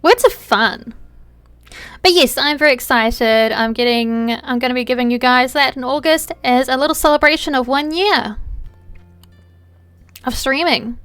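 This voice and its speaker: A woman streamer chatting casually while playing a game, animated and playful, with quick asides and some swearing. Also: on the high side, clean tone, no echo.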